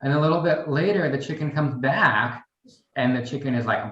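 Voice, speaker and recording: A man's voice: mid-range voice, animated, moderate pace, fairly bright tone. Middle-aged man, chatty guest, rambling storyteller, roomy echo, dull lo-fi sound. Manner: chatty, rambling, telling a joke with acted bits. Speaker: guest, garden vice president. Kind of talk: casual interview chat.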